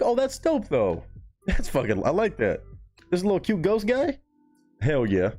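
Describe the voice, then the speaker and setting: A man's voice: sits high, wildly swooping pitch, a little slow, long pauses, warm tone, faint music behind. A young man chatting casually and goofily on a live stream, swearing freely and joking around.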